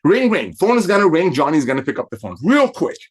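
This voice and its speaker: A man's voice: fairly high pitch, big pitch swings, quick pace, breathy edge. A man coaching network marketing, acting out phone calls and repeating key phrases for emphasis. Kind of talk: coaching talk with role-played phone calls.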